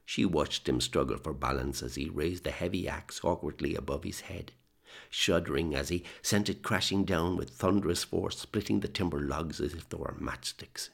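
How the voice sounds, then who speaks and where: An audiobook narrator reads scripted narration in a very deep, gravelly male voice. His storytelling is measured and steady.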